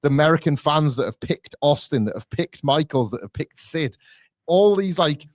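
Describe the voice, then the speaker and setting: A man co-hosting a casual podcast, animated, acting out quotes in a rising voice. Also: on the high side, normal speed, no room sound, studio quality. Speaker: podcast co-host.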